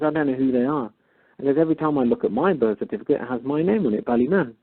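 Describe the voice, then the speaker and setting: Husky man on a phone line. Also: mid-range voice. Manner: retells a phone call, acting out both sides. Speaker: caller. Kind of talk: casual storytelling.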